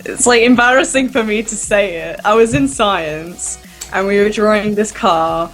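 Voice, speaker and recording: A woman's voice: medium pitch, moderate pace, soft background music. A woman in casual podcast chat who talks in a giggly, self-conscious way. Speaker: podcast co-host.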